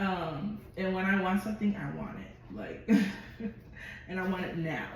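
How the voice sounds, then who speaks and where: A woman vlogger telling a personal story in a chatty, expressive way and swearing freely. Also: fairly low pitch, a little slow, distant mic. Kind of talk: casual storytelling to camera. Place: at home. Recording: very echoey room, voice from afar, noisy.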